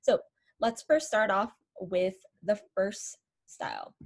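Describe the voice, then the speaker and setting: A woman's voice: medium pitch, expressive, slow pace. A woman instructor giving an online lecture, explaining and demonstrating how word stress changes meaning. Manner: explanatory, demonstrates stress patterns with varied emphasis.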